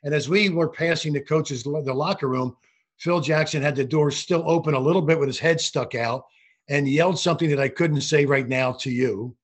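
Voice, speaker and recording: An older man, a former referee, telling animated anecdotes in a casual interview, with frequent restarts. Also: a little high, moderate pace, breathy edge. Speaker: guest, former basketball referee.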